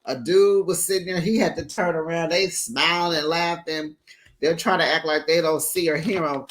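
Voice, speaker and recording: A reality TV recap host giving casual, sassy commentary, chatty and quick to laugh. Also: mid-range voice, a bit bright. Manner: chatty and sassy, with frequent laughs and acted-out quotes.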